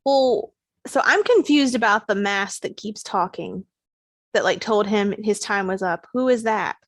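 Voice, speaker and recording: A woman's voice: medium pitch, lively intonation, measured pace, dry recording. A woman co-hosting a casual podcast, mostly reacting and asking questions as she listens. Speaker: podcast co-host. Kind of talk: casual chat.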